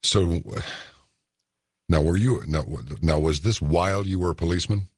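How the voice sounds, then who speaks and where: Very deep-voiced radio talk host. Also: male voice, normal speed, a little mellow, dry recording, clean studio sound. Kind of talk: late-night radio talk.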